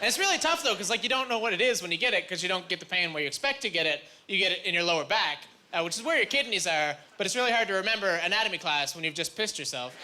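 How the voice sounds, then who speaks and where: A man from Canada doing stand-up comedy, rambling through self-deprecating stories with quick asides, recorded live. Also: high-pitched, expressive, very noisy. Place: comedy stage before a live audience. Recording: live club recording with loud crowd.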